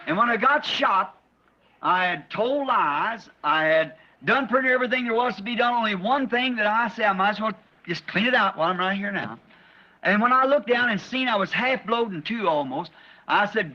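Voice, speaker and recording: A man's voice: high voice, expressive, normal speed, pushed and bright. A man preaching a sermon, telling an earnest story in folksy speech and often repeating his words. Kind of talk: sermon testimony. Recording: dull lo-fi archive sermon tape.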